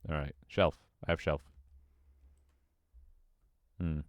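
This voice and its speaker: A man with a very deep, low voice talks slowly and in a level tone as he builds a game level on stream, muttering his thoughts aloud. He swears freely, trades jokes with his chat, and now and then his voice cracks. The sound is dry and close, without room echo.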